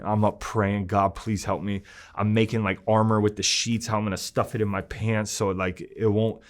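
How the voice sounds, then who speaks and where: A young man, an interview guest, telling a rough personal story in casual talk, acting out the voices he quotes and swinging from hushed to loud. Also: mid-range voice.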